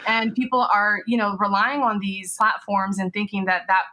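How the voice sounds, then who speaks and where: A woman's voice: medium pitch, fairly even intonation, normal speed, pushed and bright, dull audio. A woman business lawyer, a podcast guest, explaining legal risks in a conversational way, often adding "you know" and "right?".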